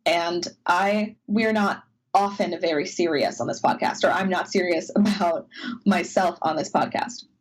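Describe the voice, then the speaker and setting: Woman telling a story quickly. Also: lowish voice, low-quality recording. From United States. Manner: animated, quick, emotional telling with quoted inner voices. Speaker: podcast cohost. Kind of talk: casual storytelling chat. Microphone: video call.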